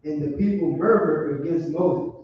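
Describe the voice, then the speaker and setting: A man reading scripture aloud slowly and haltingly as a student. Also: on the high side. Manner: slow, halting reader. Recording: distant, echoey, dull recording with faint noise.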